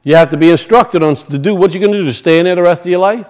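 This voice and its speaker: A man's voice: sits high, very fast, darkish tone, low-quality recording. A man preaching a sermon, teaching from scripture and emphatically asking and answering his own questions.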